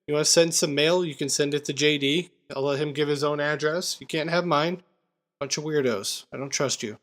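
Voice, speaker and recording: A man's voice: fairly high pitch, a little fast, fairly bright tone. A man co-hosting a movie podcast, casually recapping scenes and chatting with his co-host. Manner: recaps scenes, acts out quotes. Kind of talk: casual movie review chat.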